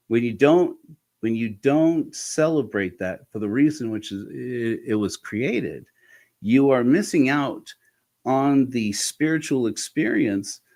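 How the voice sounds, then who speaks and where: A man of ordinary pitch speaking as an interview guest. He tells his stories candidly and with animation, often stopping and restarting sentences as he goes. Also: vocal fry. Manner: frank, animated, with frequent restarts. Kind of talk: candid conversational storytelling.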